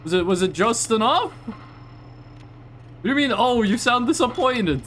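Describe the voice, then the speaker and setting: A young man chats with his stream audience in a loose, rambling way and often trips over his sentences. His voice sits high and swings widely in pitch. A faint noise runs underneath. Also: big pitch swings, measured pace, fairly bright tone. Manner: rambling, chatty, reacting to chat with frequent restarts. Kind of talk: casual live-stream chat.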